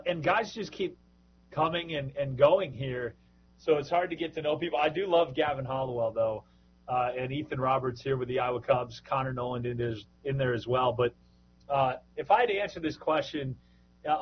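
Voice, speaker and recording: A man's voice: medium pitch, muffled recording, a little hiss or hum. A man co-hosting a casual podcast, telling rambling, joking stories about players he has worked with. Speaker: podcast co-host, minor league broadcaster.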